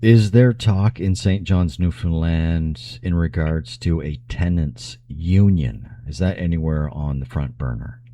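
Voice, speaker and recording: A man hosting a radio talk show, asking measured, deliberate questions of his guest. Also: sits low, mellow, no echo. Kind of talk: radio interview.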